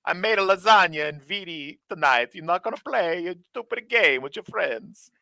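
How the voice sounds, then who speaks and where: A man putting on a shrill nagging mother. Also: expressive, normal speed, gravelly, crowd noise. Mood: scolding. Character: nagging middle-aged mother scolding her son.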